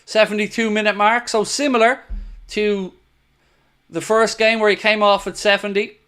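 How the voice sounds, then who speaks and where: Excitable high-voiced man hosting a watchalong. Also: moderate pace, smooth. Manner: excitable, blunt, swears freely. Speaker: host of a fan watchalong. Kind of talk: live football watchalong commentary.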